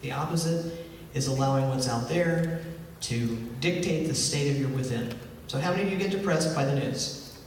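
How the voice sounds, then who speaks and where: A man's voice: mid-range voice, normal speed, slight background noise. Man, minister, sermon in a big echoey hall, heard from a distance, talks to the congregation with questions. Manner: conversational, asks the congregation questions. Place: church hall.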